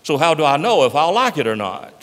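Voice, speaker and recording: A man's voice: a little high, sing-song, brisk, a bit bright. A man reading aloud and voicing an indecisive young male Zode creature that frets back and forth. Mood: fretful. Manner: fretful, going back and forth. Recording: echoey hall.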